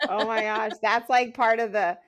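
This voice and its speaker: A woman's voice: a little high, steady tone, normal speed. A woman co-hosting a podcast about motherhood, talking casually and candidly, laughing often between her points. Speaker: podcast co-host. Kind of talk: casual chat.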